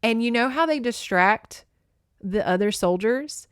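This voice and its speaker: Excitable, profane woman podcast host. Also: fairly high pitch, a little slow, smooth, no echo, clean studio sound. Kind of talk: casual book recap with read-aloud passages.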